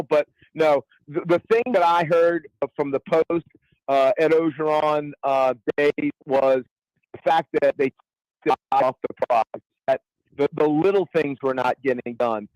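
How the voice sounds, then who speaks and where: A man's voice: a little high, darkish tone, no echo, low-quality recording. A man co-hosting sports radio in casual talk, often stumbling over restarts and cracking fan jokes. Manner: stammering restarts, joking fan banter.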